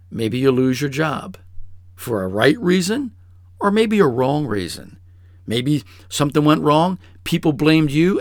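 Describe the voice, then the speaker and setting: Gravelly-voiced man preaching. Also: no room sound, clean studio sound. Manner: storytelling, acts out quoted voices in a high pitch. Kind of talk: sermon-style teaching.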